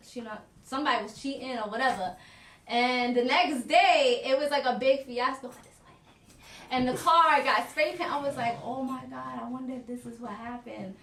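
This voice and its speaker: A woman from New York City, guest on a podcast, telling lively stories in casual chat and swearing freely. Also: a little high. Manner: animated storyteller, swears freely, acts out quoted dialogue. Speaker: guest, radio personality. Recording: roomy, distant mic, faint ambience.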